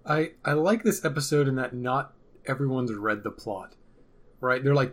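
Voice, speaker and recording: A man's voice: mid-range voice, moderate pace, a bit bright. A man co-hosting a casual podcast about a TV episode, making dry, sarcastic jokes. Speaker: podcast co-host.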